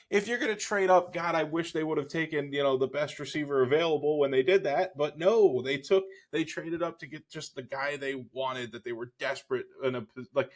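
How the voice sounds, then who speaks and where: A man's voice: a little high, brisk. A man co-hosting a sports podcast, talking bluntly with an exasperated, swearing edge. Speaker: podcast co-host. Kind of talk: casual sports chat.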